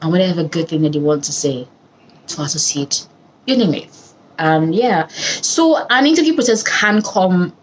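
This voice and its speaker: Nigerian woman vlogger telling a story, lowish voice, animated, laughs a lot, bit of hiss. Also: moderate pace, poor audio. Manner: animated, laughing, mixes in Pidgin. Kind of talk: casual storytelling.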